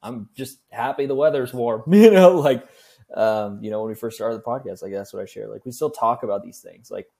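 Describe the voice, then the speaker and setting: Low-voiced young man musing on a podcast. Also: a little fast, vocal fry. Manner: relaxed, reflective, rambling with fillers. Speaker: podcast co-host. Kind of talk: casual podcast chat.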